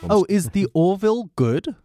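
A man's voice: high-pitched, very animated, normal speed, dark tone, soft background music. A man guesting on a podcast, chatting casually with dry, teasing asides. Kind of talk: casual chat.

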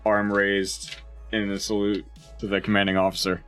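Player guy, bright voice, quick with lots of uhs. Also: on the low side, completely flat delivery, soft background music. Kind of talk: tabletop game play.

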